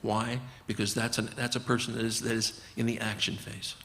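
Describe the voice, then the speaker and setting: A man's voice: on the low side, flat delivery, brisk, vocal fry, sharp tone, long reverb tail. A man, a physician guest, talking earnestly and explaining his approach, often acting out conversations with patients. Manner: earnest, acts out dialogues with patients.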